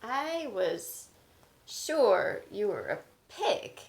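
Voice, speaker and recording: A woman's voice: medium pitch, very animated, extremely slow, creaky, echoey room, heavily acted. A woman voicing an anxious, puzzled male elephant, reading a picture book aloud. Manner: fretful, questioning.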